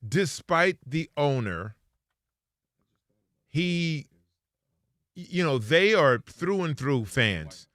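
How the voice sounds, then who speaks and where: A man co-hosting a sports talk show, telling stories in animated, casual chat with playful quoted voices. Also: a little high, very slow, long pauses, dry recording, studio quality.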